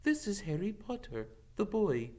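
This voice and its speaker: A man reading a storybook aloud, voicing a calm, protective male centaur who speaks in a steady, earnest way. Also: high voice, a little slow, voice pushed up. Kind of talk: audiobook reading of a novel.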